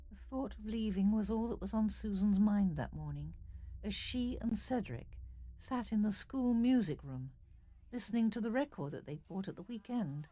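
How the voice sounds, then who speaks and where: A woman narrating an audio drama in a measured, expressive storytelling manner. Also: medium pitch, dry recording. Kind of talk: scripted narration.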